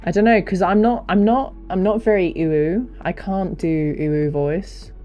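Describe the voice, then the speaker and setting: A young woman streamer with a deep voice, chatting casually into a desk mic on a stand, rambling and self-deprecating with lots of fillers and restarts. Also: moderate pace, dark tone, soft background music. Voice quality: low, deep voice. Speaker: streamer and hobby voice actor. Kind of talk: casual livestream chat. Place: home streaming setup.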